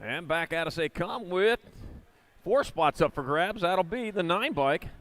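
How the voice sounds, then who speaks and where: The race announcer, a man with a high, somewhat bright voice and lively intonation, gives live commentary on BMX races in an indoor arena. He reels off rider names and moto numbers in quick succession, filling the gaps between heats with corny jokes.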